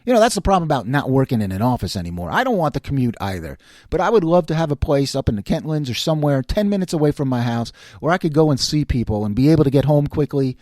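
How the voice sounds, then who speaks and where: A man's voice: mid-range voice, very animated, fast talker, dark tone, no room sound, studio quality. A middle-aged man from New York in a casual monologue, telling a story with exasperation and acting out the other people's lines. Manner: exasperated ranting. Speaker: vlogger.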